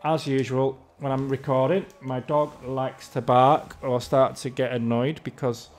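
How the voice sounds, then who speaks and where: A man's voice: mid-range voice, flat delivery, measured pace, faint music behind. A man ranting in exasperation while commentating his own gameplay. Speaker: gamer.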